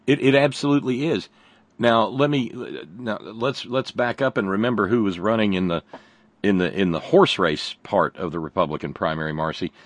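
A man hosting a radio call-in show, chatting in a halting, wry way and often repeating his words. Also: fairly low pitch, no echo. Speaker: radio talk show host. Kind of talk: casual call-in chat.

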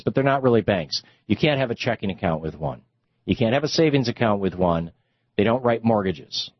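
A man's voice: lowish voice, breathy edge, dry recording, lo-fi sound. A man hosting a radio talk show, explaining in a conversational, emphatic way with rhetorical questions.

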